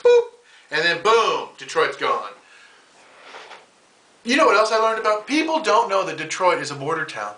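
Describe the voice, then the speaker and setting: Ranting comedian guy with a bright voice in an echoey room. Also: high voice, huge pitch swings, moderate pace, long pauses. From United States. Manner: rambling, ranting, slangy with "bro". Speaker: comedian podcast host. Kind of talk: casual comedic monologue. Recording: echoey room, mic at a distance.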